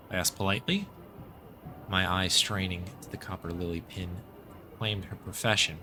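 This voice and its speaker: A man's voice: sits low, normal speed, sharp tone, slight background noise. An American man streaming a story game, reading its narration aloud with casual, chatty asides and thanking viewers.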